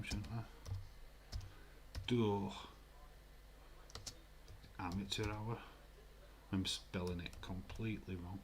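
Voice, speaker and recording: Slow-talking man, low voice. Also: a bit bright, slight background noise. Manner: rambling, swears freely, reads viewer comments aloud. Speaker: live stream host. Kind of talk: casual watch-along chat.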